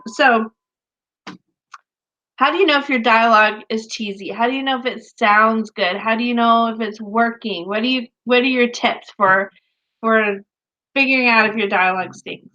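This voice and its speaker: A woman in her thirties or forties co-hosting a casual chat about writing, animated and full of fillers, laughing often. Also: a little high, normal speed. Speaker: podcast co-host, author. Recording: dull lo-fi sound.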